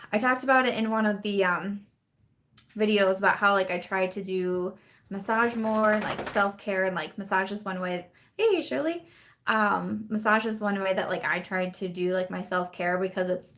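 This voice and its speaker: A young woman hosting a casual live chat from home, talking in a rambling, chatty way and laughing often. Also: medium pitch. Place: at home in the evening.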